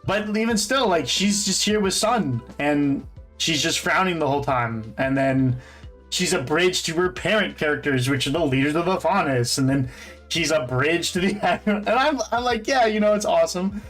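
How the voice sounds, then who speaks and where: A young man with a fairly high voice talks through a show in loose fan commentary. He rambles, stops, restarts and leans on fillers as he goes. Faint music plays under him. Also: lively intonation, normal speed, fairly bright tone. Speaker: host.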